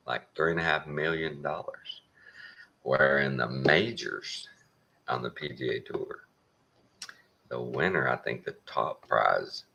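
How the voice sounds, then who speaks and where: Man, Texan accent, very deep voice, gravelly, folksy, plain-spoken, casual monologue. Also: sharp tone, lo-fi sound. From Texas. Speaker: show host.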